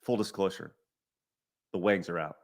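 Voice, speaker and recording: A middle-aged podcast host runs a live stream, reading super chat donations and ranting in exasperation. His deep voice moves at a moderate pace, and he repeats himself, stumbles, stutters, restarts often and swears.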